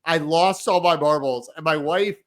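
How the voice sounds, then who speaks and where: Animated dad telling a story. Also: male voice, a little high, normal speed. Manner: animated storytelling, trailing off into fillers. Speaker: podcast co-host. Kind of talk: casual chat.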